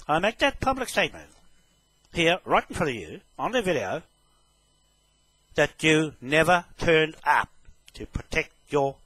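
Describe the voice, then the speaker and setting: A man making a public statement straight to camera, slow and emphatic, often checking "okay?". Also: fairly high pitch, fairly bright tone, no echo, low-quality recording. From New Zealand. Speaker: self-proclaimed land claimant making a public statement. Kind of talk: direct address to camera.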